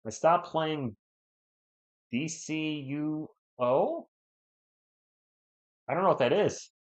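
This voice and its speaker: A man from New England hosting a live sports stream, giving play-by-play and answering viewers in an excitable, fired-up way. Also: fairly high pitch, slow. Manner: excitable, fired-up, talks straight to chat viewers. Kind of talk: live play-by-play commentary and chat replies.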